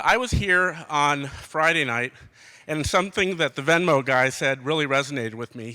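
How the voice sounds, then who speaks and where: A man's voice: a little high, pushed and bright. A man giving a sponsor speech to a crowd, a little out of breath and upbeat. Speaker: corporate sponsor speaker.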